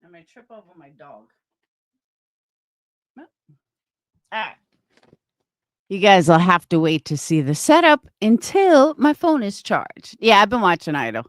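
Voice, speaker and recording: A woman's voice: medium pitch, big pitch swings, a little slow, pauses often, dry recording, studio quality. A middle-aged woman chatting casually on a live stream from home, swearing freely and answering viewers by name. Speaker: livestreamer and craft seller.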